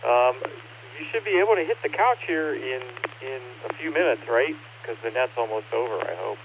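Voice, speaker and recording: A sleepy man checking into a ham radio net, rambling in an unhurried way. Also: mid-range voice, expressive, noisy background. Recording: narrow ham radio transmission.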